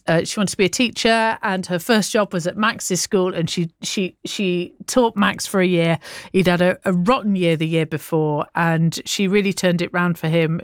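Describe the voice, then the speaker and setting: A woman's voice: on the low side, dry recording. A woman presenting a radio show in a chatty way, reading out listener messages at a studio microphone. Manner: chatty and warm-hearted, reads out listener messages.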